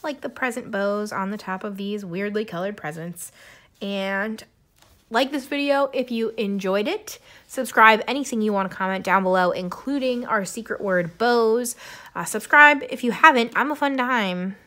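A woman's voice: medium pitch, moderate pace, pushed and bright. A young woman chatting casually to camera as a vlogger, rambling and giggling between thoughts. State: coughing, tiring voice. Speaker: YouTuber.

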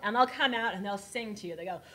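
An animated woman from Texas tells a story on a panel of writers, with laughter all through. Her voice sits in an ordinary middle range. She talks with lively expression. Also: mid-range voice, fast talker.

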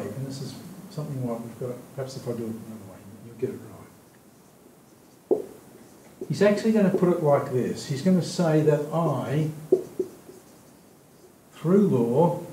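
Mellow man teaching scripture. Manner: thoughtful, halting, with many fillers and restarts; slows down to stress key words of the text. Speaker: Bible study teacher. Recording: echoey room with faint rumble.

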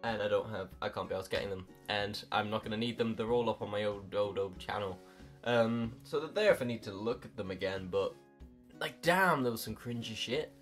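A young adult in their early twenties, chatting casually to camera in a rambling, self-mocking way with casual swearing. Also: mid-range voice. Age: early 20s. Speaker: YouTuber. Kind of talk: casual vlog chat.

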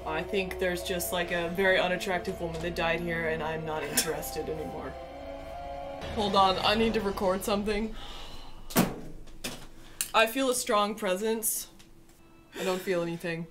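A woman's voice: fairly low pitch, fairly even intonation, moderate pace, long pauses, over music, close to an everyday voice. A woman doing a crude bro ghost hunter. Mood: brash. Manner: brash, crude, panicky outbursts. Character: swaggering male ghost hunter, crude and jumpy. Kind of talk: comedy sketch.

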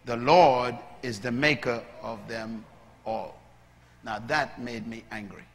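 A man preaching a sermon as a pastor, moving from calm teaching to loud, shouted preaching. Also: medium pitch, takes it slowly. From Bahamas. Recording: long hall reverb.

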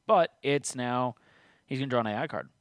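A man with a mid-range voice hosts a casual tabletop game stream, briskly reading the rules aloud and teasing his co-player. The recording is dry.

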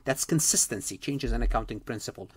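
A man's voice: mid-range voice, fairly quick, slightly rough, no echo. A man giving a recorded accounting lecture, stressing key points and repeating them.

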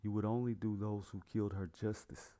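A man reading as a calm, quiet woman who speaks with measured care. The reader keeps his own low male voice, with no attempt at a woman's pitch. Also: lightly acted.

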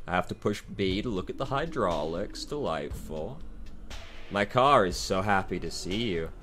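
A man's voice: deep voice, animated, normal speed, fairly bright tone, soft background music. A man giving dry, sarcastic commentary over a game he dislikes, swearing freely. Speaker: game reviewer.

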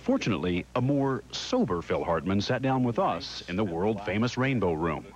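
A man's voice: on the low side, big pitch swings, normal speed, highs cut off. A man narrating and interviewing as a TV news magazine correspondent, with a polished broadcast delivery.

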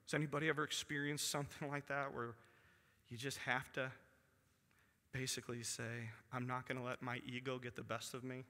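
A pastor preaching a sermon to his congregation. He reads scripture aloud and drops to a hushed voice for emphasis. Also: mid-range voice, flat delivery, fairly quick. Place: church sanctuary. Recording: long church hall reverb.

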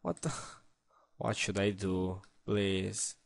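A man's voice: sits low, steady tone, slow, vocal fry. A man giving casual game commentary, playful, exclaiming and talking to himself as he plays. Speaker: let's play gamer.

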